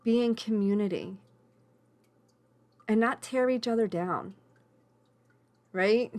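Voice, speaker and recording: A woman's voice: on the high side, lively intonation, a little slow, long pauses. Earnest woman coaching an online class. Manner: emotional, earnest, encouraging, addresses people by name. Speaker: coach leading an online women's group class. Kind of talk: live online workshop.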